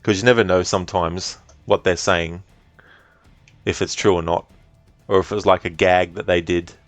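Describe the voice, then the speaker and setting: A man's voice: deep voice, moderate pace, no echo, soft background music. A man streaming a game, chatting casually, reading chat aloud and swearing now and then. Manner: relaxed, chatty, reads chat aloud, swears, laughs often.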